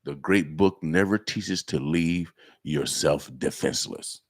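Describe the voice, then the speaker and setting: A man voicing a solemn male biblical prophet, reading out slow, grave, sermon-like words. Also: extremely low pitch, pitched below the performer's own voice, exaggerated voice.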